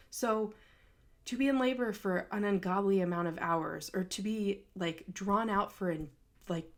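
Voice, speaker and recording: A young woman hosting a podcast, telling a personal story in a candid, emotional way, with many fillers. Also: lowish voice. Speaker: podcast host.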